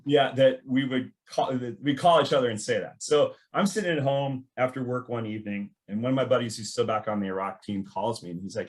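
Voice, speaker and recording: A man's voice: mid-range voice, fairly quick, few pauses. A middle-aged man, a former intelligence analyst, telling a story in conversation, laughing often and acting out the voices of others. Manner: animated, laughs often, acts out quoted voices.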